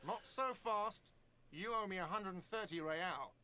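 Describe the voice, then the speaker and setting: A man's voice: sits high, expressive, measured pace, background noise. An actor playing a sarcastic, dismissive male innkeeper in a detective game.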